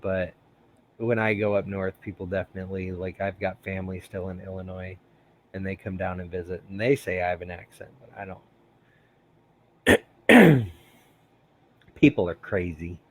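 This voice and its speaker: Male stream host, low voice, rambling and laughing, many ums. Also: fairly even intonation, moderate pace, long pauses, a little hiss or hum. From United States. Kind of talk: casual live-stream chat.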